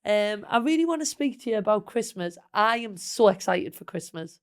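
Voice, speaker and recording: A woman's voice: mid-range voice, animated, moderate pace. A woman in her thirties with a Northeast English accent, hosting a podcast in a playful, teasing casual chat. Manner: playful, teasing, laughs often. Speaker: podcast host.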